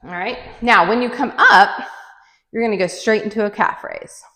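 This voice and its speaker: A woman's voice: medium pitch, normal speed, sharp tone, echoey room. A woman fitness instructor leading a workout, counting reps aloud and encouraging, a bit out of breath as she moves.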